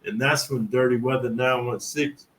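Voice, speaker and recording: A man's voice: mid-range voice, fairly even intonation, moderate pace, rough recording. A middle-aged man from California telling prison stories in a boastful, rambling, streetwise monologue. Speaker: prison storyteller. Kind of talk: casual profane monologue.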